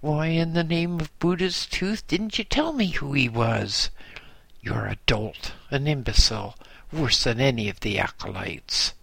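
A man's voice: fairly low pitch, moderate pace, gravelly, bright, forceful tone, breathy edge, dry recording, heavily acted. A man voicing an irritable older male monk in charge of the young acolytes, bawling and scolding one moment and falsely kind the next. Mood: flustered.

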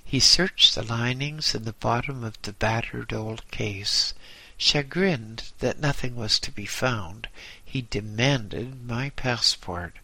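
A man reading a first-person story aloud in a slow, measured way. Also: medium pitch, bright, forceful tone, dry recording, low-quality recording. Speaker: narrator.

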